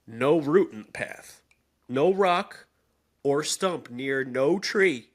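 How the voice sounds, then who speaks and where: A man reading aloud a grown woman's spooky childhood story, dramatic and swinging in pitch and pace. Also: animated, slow pace.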